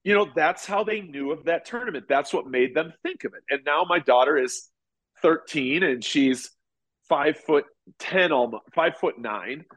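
A man in his forties, a former ballplayer, telling stories in a relaxed, rambling way during an interview. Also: on the high side, normal speed. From United States. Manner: relaxed, rambling, many restarts. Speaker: podcast guest, former pitcher and golfer. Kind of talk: casual interview storytelling.

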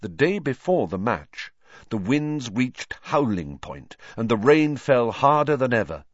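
A man narrating an audiobook in a lively, expressive storytelling manner. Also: mid-range voice, a little slow, no room sound. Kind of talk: scripted narration. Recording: dull lo-fi dry recording.

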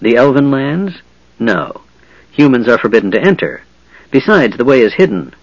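A man's voice: mid-range voice, sing-song, moderate pace, no echo, muffled recording. A man voicing a proud plainsman warrior who speaks coldly and bluntly. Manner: cold, blunt.

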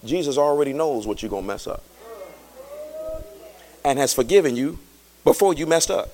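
A male pastor preaching a sermon in a colloquial, joking way, swinging from quiet talk to shouting. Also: on the high side, animated, moderate pace, long pauses. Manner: colloquial, jokes with the congregation.

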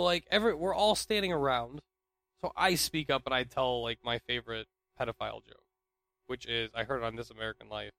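A man's voice: mid-range voice, vocal fry, dry recording. Rambling young man telling a work story. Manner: rambling, restarts, quick swings between loud and quiet. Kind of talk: casual rambling monologue.

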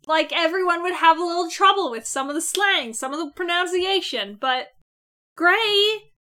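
Woman co-host, high bright voice, dry sarcastic delivery. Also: expressive, moderate pace. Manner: dry, sarcastic, swears casually. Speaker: podcast co-host. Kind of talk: casual chat reviewing a cartoon.

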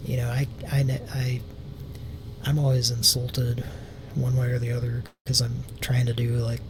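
A Southern US man chats in a rambling way on a live prank call show, full of fillers and casual swearing. His pitch stays flat and level. A steady rumble of noise sits under the recording. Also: unhurried. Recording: noisy background rumble.

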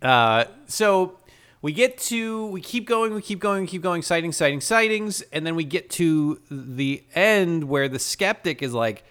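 Animated sarcastic man recapping a movie. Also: on the high side, a little slow, smooth. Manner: sarcastic, acts out lines, laughs often. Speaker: podcast co-host. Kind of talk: casual movie recap chat.

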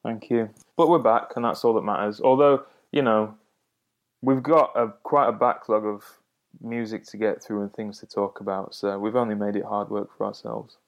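A man's voice: fairly low pitch, fairly even intonation, normal speed, creaky, lo-fi sound. A man co-hosting a music podcast in casual chat, with easygoing, joking banter.

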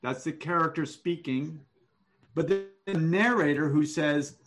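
A man giving one-on-one manuscript feedback over an online call, explaining deliberately and thinking aloud. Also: fairly high pitch, faint music behind. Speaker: writing coach.

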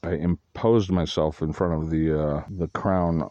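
A man's voice: very deep voice, fairly even intonation, a little slow, mellow, no room sound, muffled recording. A man talking in a rambling, meandering monologue, swearing freely and jumping from one story to the next. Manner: meandering, profane, jumps between stories.

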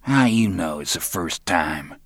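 A man's voice: low-pitched, lively intonation, measured pace, dry recording. A man voicing a crude, bossy gangster in an audiobook, giving orders impatiently. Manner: commanding, impatient.

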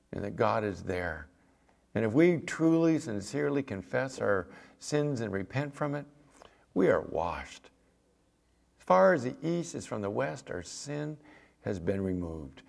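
A man's voice: mid-range voice, gravelly, a little mellow. A middle-aged man preaching a sermon, talking in a conversational, folksy way and telling stories from his own life. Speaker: pastor.

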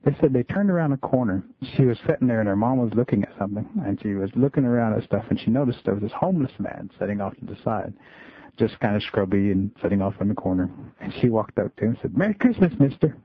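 A man who works as a school and community storyteller, telling a story in a relaxed, folksy way. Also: on the low side, fast talker, husky, no echo. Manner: relaxed folksy storytelling, many "just kinda". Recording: tinny phone-like radio line.

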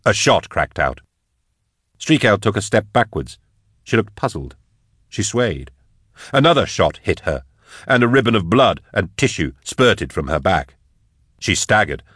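A man narrating an audiobook in a measured, even way. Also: fairly low pitch, breathy edge, dry recording, clean studio sound.

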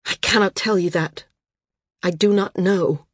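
A woman reading a gentle sad male healer. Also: on the low side, steady tone, a little slow, breathy edge, dry recording, studio quality. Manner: soft, sorrowful.

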